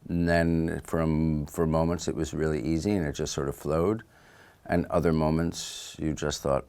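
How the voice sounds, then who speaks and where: Man, very deep voice, actor-author guest, easygoing and reflective, studio mic. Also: steady tone, creaky. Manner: thoughtful, unhurried, trails off softly. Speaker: actor and author being interviewed. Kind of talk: relaxed conversational interview. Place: audiobook recording studio. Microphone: studio microphone.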